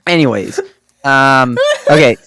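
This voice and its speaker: A man's voice: mid-range voice, animated, extremely slow, pushed and bright. A man in his twenties telling a rambling story on a podcast, full of fillers and laughing asides. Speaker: podcast host. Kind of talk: casual storytelling.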